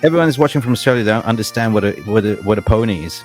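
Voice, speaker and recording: A man's voice: fairly low pitch, lively intonation, very fast. Chatty man, laughing storyteller over music. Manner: chatty storyteller, laughs often, repeats words. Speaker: host. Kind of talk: casual fan chat.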